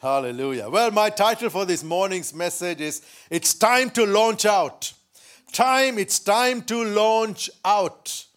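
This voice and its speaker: A man preaching a sermon, telling a story with shouted quotes and frequent laughter. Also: a little high. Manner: lively, laughs often, shouts quoted lines. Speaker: pastor.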